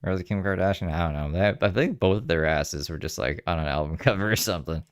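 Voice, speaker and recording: A man's voice: low-pitched, fast talker, dry recording, clean studio sound. A man giving casual, chatty commentary on a livestream, swearing and laughing as he goes. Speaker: streamer reacting to a livestream. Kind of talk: casual live reaction commentary.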